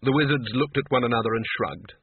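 A male audiobook narrator telling a comic fantasy story in an even, dry manner. His voice is husky, and the recording is dry and thin, like a phone line. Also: medium pitch, fairly quick, dry recording.

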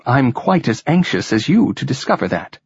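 A man voicing a captive male Secretary General who speaks cautiously and with measured words. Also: mid-range voice, very animated, breathy edge, no echo, voice pushed up, full character voice. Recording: dull lo-fi recording.

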